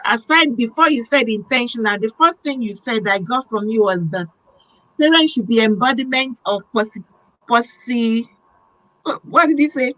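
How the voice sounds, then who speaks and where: High-voiced woman hosting a chat. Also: lively intonation, moderate pace, fairly bright tone, no echo, poor audio. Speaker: host. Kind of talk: casual interview chat.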